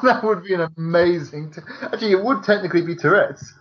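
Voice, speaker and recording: A young man co-hosting a comedy podcast, stating absurd things as fact in a deadpan manner. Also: sits high, fast. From United Kingdom. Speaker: podcast co-host. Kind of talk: casual comedic chat. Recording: dull lo-fi sound.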